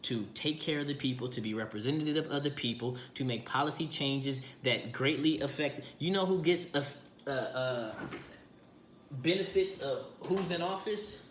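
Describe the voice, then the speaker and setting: A man's voice: medium pitch, normal speed. A man ranting casually about politics, firing off rhetorical questions in slangy, emphatic speech. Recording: echoey room with faint noise.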